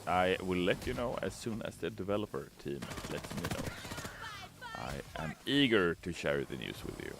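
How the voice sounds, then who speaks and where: A man streaming, casually reading viewer messages aloud in a loud, playful, chatty way. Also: low voice, very animated, normal speed, gravelly, background noise. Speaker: game community streamer. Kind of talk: casual livestream chat.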